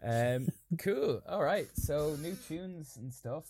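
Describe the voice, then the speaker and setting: A man's voice: a little high, expressive, slow pace, darkish tone, slight background noise. A man co-hosting a podcast in casual chat, joking around playfully. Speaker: podcast co-host.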